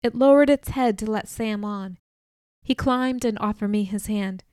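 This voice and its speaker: A woman narrating a novel in the first person, telling it at a measured pace and lifting her voice for dialogue. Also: medium pitch, a little mellow, clear, resonant tone, no echo, clean studio sound. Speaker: audiobook narrator.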